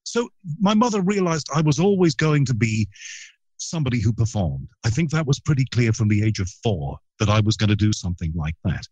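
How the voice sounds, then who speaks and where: A man's voice: mid-range voice, big pitch swings, fairly quick, darkish tone, no echo. A middle-aged man from Liverpool with a Liverpool accent, telling stories in a casual radio interview with self-deprecating humor. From Liverpool, England. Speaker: radio broadcaster guest.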